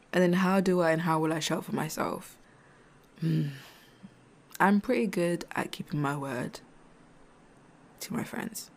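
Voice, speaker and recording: A woman's voice: deep voice, creaky. A woman in her twenties hosting a casual reflective solo podcast. She talks frankly and chattily, swears, and laughs often. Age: 20s. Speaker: podcast host.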